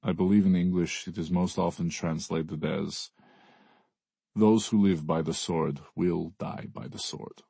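A man doing a slow, formal Russian priest. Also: sits low, fairly even intonation, vocal fry, mellow, breathy edge, dry recording, full character voice. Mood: somber. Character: somber cordial Russian priest, dead man's brother.

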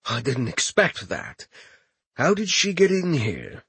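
Cocky giant brute, mocking and theatrical, shifts voices and accents, gravelly edge, a man acting it out. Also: a little high, huge pitch swings, takes it slowly, fairly bright tone, no room sound, heavily acted. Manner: shifts into put-on voices, one a thick Latin accent.

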